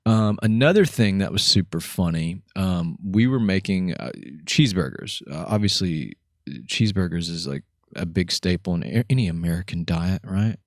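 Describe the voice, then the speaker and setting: A man's voice: moderate pace, no echo, clean studio sound. A man telling a funny story in casual chat, rambling with lots of fillers and laughing as he goes. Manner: laughs through the story, voice climbs high with excitement.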